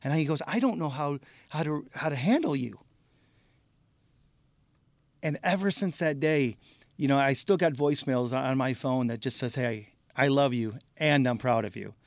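Male podcast guest, medium pitch, heartfelt animated storyteller who repeats himself, dry studio mic. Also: normal speed, dry recording. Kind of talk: casual interview storytelling.

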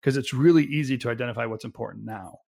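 Male podcast co-host, gravelly mid-pitched voice, halting delivery full of restarts. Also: darkish tone. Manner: halting, restarts sentences often. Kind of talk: casual business discussion.

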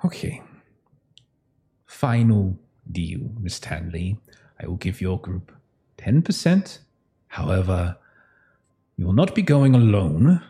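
Low mellow-voiced male game master. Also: takes it slowly, pauses often. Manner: relaxed, chuckling, improvising. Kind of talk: narrating a tabletop game.

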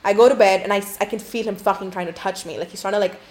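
A woman's voice: medium pitch, steady tone, rapid-fire, a little mellow. A young adult woman telling a story to camera in a casual storytime style, swearing a lot and saying "like" constantly. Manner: profane, rambling, heavy use of "like".

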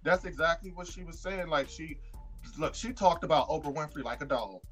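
A woman's voice: a little fast, over loud music. A woman co-hosting a podcast in casual chat, retelling gossip and acting out quotes in a raised voice. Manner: animated, acts out quotes in a higher voice. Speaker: podcast co-host.

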